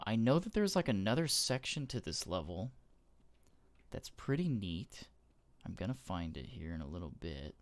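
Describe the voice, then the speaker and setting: A man giving casual gameplay commentary, gushing with awe and often trailing off into soft murmurs. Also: sits low, creaky. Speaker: gaming YouTuber.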